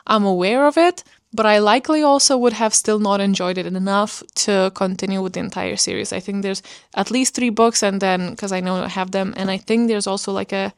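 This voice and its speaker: A book vlogger with a medium-pitched voice chats casually about books in studio-quality audio with no room sound. She rambles in a talkative way, using plenty of fillers.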